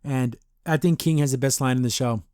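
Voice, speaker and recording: A man's voice: medium pitch, fairly quick, darkish tone, a little hiss or hum. A man hosting a podcast and reviewing a cartoon episode in a casual, rambling way, often acting out characters' lines in exaggerated voices. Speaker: podcast host.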